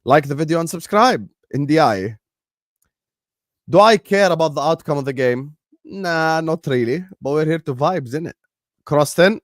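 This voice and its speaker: A man's voice: fairly high pitch, expressive, normal speed, no room sound, studio quality. A young man, casually commentating a football stream and bantering with his chat, laughing and teasing.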